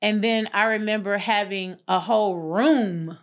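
A woman's voice: medium pitch, measured pace. A middle-aged woman from North Carolina, earnestly sharing a personal testimony as a podcast guest. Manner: earnest, emphatic, faith-driven storytelling. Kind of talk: candid testimony in conversation.

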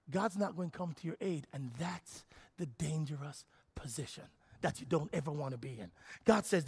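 A man preaching a sermon as pastor, animated and full of repeated phrases. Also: high voice, vocal fry.

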